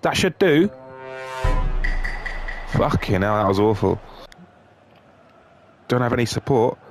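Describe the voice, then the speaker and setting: Brief: male gamer, mid-pitched, cursing and yelling at a football game, quiet music under him. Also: animated, slow. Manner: sweary, swings from glum mutters to shouting. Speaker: gaming YouTuber. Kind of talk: live game commentary.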